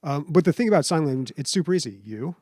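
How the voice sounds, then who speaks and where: A man's voice: a little high, animated, quick pace, a little mellow, dry recording, clean studio sound. A young man from San Diego, chatting on a podcast in a rambling, self-deprecating way, laughing often. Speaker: podcast host. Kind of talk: casual chat.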